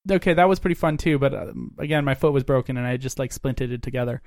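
A man's voice: medium pitch, fast. A man hosting a podcast in casual chat, loose and laughing often, swearing freely. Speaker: podcast host.

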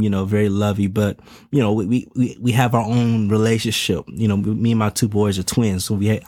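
A man's voice: on the low side, a little mellow, dry recording. A father of twin toddlers speaking in a casual, earnest monologue. He uses slang and repeats words as he talks. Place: home in Texas.

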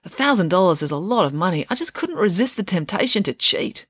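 A woman's voice: mid-range voice, very animated, a little fast, husky, dry recording, studio quality, pitched above the performer's own voice. A woman voicing a nervous, guilty young teenage schoolboy in a storybook reading, speaking sheepishly. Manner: sheepish, apologetic.

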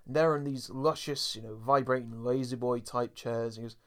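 A man's voice: medium pitch, fairly even intonation, normal speed, a bit bright. A man co-hosting a podcast, chatting casually and laughing often as he recaps a cartoon episode, with lots of fillers. He is from England. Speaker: podcast co-host.

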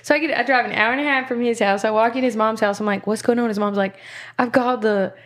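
A woman's voice: a little high, steady tone, fast talker, a bit bright. A woman hosting a podcast, telling stories bluntly and swearing freely in casual chat. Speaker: podcast host.

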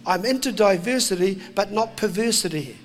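New man, preaching, animated, high voice, long hall reverb. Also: normal speed. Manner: animated, jokey, puts on voices. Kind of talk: impassioned sermon to a crowd.

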